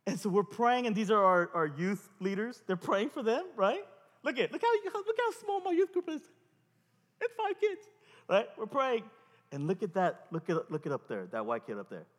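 A man preaching a sermon as pastor, animated and self-mocking as he acts out scenes from his story. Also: sits high, normal speed, long reverb tail.

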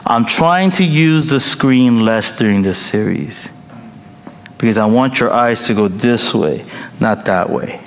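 A man's voice: mid-range voice, lively intonation, unhurried. A middle-aged male pastor preaching a sermon in a playful, joking way, chuckling often. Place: large church hall. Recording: reverberant hall with faint noise.

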